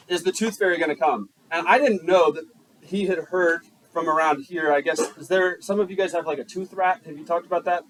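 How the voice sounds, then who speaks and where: A man's voice: a little high, a bit bright, a little hiss or hum, low-quality recording. A male teacher giving a classroom lecture, joking and putting questions to the class. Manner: joking, keeps quizzing the class.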